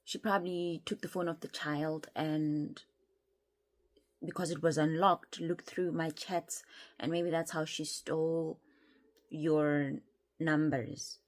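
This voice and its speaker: A woman's voice: low voice, little pitch movement, slow. Woman voicing a lying boyfriend. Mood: defensive. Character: lying ex-boyfriend, smooth excuses.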